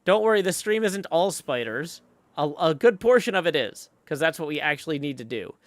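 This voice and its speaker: A man's voice: a little high, expressive, fairly quick, dry recording. A man live streaming while he plays, chatting casually and thinking aloud with lots of fillers, and greeting viewers in the chat.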